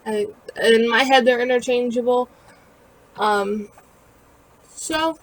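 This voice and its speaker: A woman's voice: fairly high pitch, moderate pace, long pauses, poor audio. A woman casually narrating her own building video in a chatty, rambling, self-deprecating way with lots of fillers, sounding tired. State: tired and yawning.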